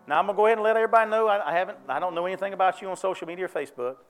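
A pastor with a high, bright-sitting voice delivers a folksy, conversational sermon in church. He keeps asking the congregation if they follow him. A faint instrument plays softly underneath. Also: rapid-fire, soft background music. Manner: folksy, conversational preaching with call-and-response questions.

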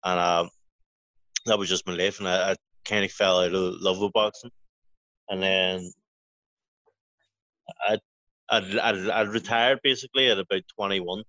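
Low-voiced man telling a rambling story. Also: fairly even intonation, normal speed, pauses often, sharp tone, dry recording. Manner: rambling, swearing, full of restarts. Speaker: guest, professional boxer. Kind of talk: casual storytelling interview. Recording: dry, dull lo-fi audio.

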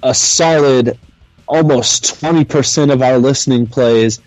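A man hosting a wrestling podcast in casual chat, giving upbeat shout-outs and show updates. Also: mid-range voice, a little slow, no room sound, faint music behind. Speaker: podcast host. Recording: dry, slightly dull sound.

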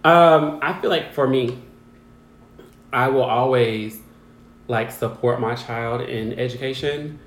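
A reflective co-host chatting casually on a podcast, thinking aloud in an easy manner. The voice sits at an ordinary pitch for this speaker and carries a noticeable room echo. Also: takes it slowly, long pauses, a little hiss or hum. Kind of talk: casual chat. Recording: roomy echo.

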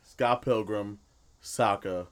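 A man's voice: fairly low pitch, steady tone, slow, smooth. A man co-hosting a podcast, throwing in dry teasing quips during casual chat. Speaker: podcast co-host.

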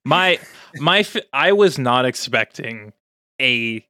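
A man co-hosting a casual podcast, dropping short, dry quips in a bright, forceful voice. The sound is dry, with no room echo. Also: mid-range voice, animated, slow, smooth. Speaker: podcast co-host.

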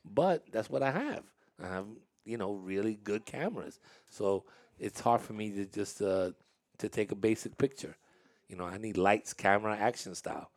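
A man's voice: on the low side, normal speed. A man hosting a casual interview with young dancers, talking in a chatty, storytelling way with frequent laughs and restarts.

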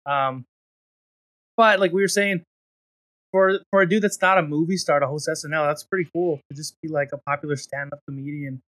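A man's voice: a little high, fairly even intonation, a little fast, fairly bright tone, rough recording. A man co-hosting a casual podcast chat about a comedy show, retelling sketches with playful voices and laughter. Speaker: podcast co-host.

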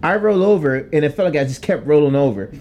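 A man's voice: a little high, quick pace, a little hiss or hum. A young man, a podcast co-host, telling a long profane story in casual chat and acting out the voices in it. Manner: animated, profane storytelling with acted-out quotes.

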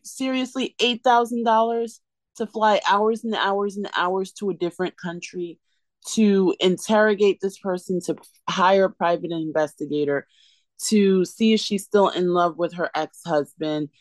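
A woman's voice: fairly low pitch, no room sound. Sarcastic woman ranting, dry sound. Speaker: podcast co-host. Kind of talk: casual reality-TV recap chat.

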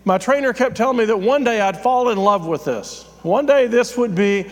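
High-voiced pastor preaching in a hall. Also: male voice, lively intonation, moderate pace. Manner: conversational and self-deprecating, with frequent fillers. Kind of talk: sermon.

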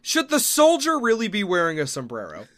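Lively, bright-voiced young man. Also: high voice, brisk. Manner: excitable, laughs often, swears casually. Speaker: podcast co-host running a game server. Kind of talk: casual chat.

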